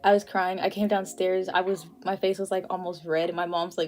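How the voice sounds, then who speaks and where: There's faint music behind this young woman as she chats casually while drawing on her art livestream, filling her talk with fillers and frequent laughs. Her mid-range voice is darkish and steady in tone, and her pace is brisk.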